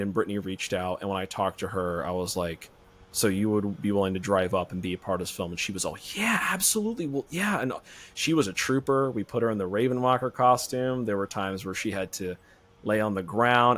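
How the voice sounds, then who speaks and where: A man being interviewed as a filmmaker guest on a podcast, talking in a relaxed, rambling way. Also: lowish voice.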